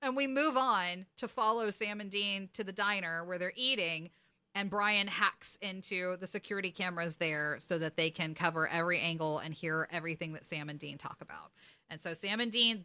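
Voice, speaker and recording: Bright-voiced woman podcast host. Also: lowish voice, clean tone. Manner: animated storytelling, acting out quotes, laughing. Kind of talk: casual recap chat.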